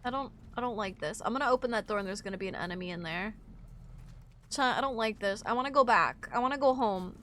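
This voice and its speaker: A young woman from Wisconsin chatting on a live gaming stream, sick and sleepy, scattered and chatty with sudden loud outbursts. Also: mid-range voice, quick pace, a little hiss or hum. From Wisconsin, USA. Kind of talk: casual live-stream chat while gaming.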